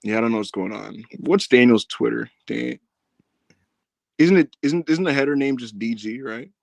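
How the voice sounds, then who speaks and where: A man's voice: medium pitch, lively intonation, normal speed, gravelly, no echo. A man co-hosting a wrestling review podcast in loose, slangy banter, laughing often. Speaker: podcast co-host. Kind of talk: casual wrestling review chat.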